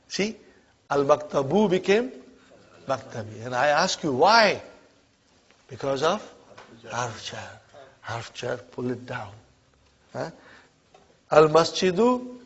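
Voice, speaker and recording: Man teaching a class, drilling replies. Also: on the high side. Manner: drills call-and-response, repeats checks like "are you with me". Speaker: Arabic teacher. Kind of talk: classroom lesson. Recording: muffled lo-fi classroom recording.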